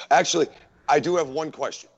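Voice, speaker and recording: A man's voice: on the high side, moderate pace, gravelly, husky, no echo, dull audio. A man from New England with a Boston accent, co-hosting a podcast and telling rambling stories. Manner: rambling, storytelling, laughs often. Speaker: podcast co-host. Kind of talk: casual podcast chat.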